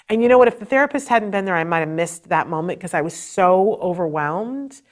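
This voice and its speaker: A woman's voice: medium pitch, fast talker, few pauses. Middle-aged woman host, earnest parent-to-parent storytelling, emotional and conversational, natural fillers. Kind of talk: personal storytelling advice talk.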